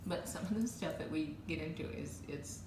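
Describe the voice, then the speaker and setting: This co-host of a laid-back chat show speaks in a low voice at ordinary speed, spinning lively stories and laughing a lot. The recording is noisy and echoey, with the microphone set far from her.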